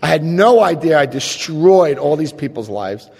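Man, animated self-mocking storyteller; lively swings in pitch, long hall reverb. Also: moderate pace, gravelly, slightly rough. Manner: animated and self-mocking, jumps into high yelps for his own past self. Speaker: speaker sharing a recovery story. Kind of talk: storytelling to an audience.

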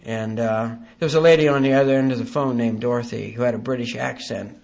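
A man giving a halting, earnest personal testimony at a recovery meeting, with dry self-deprecating humor. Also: mid-range voice, steady tone, creaky, a little mellow.

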